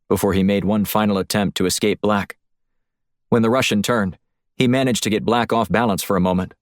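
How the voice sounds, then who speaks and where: A man reading a thriller audiobook in a steady, even storytelling voice, recorded close on a studio mic. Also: deep voice, normal speed, no room sound. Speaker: audiobook narrator. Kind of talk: scripted narration.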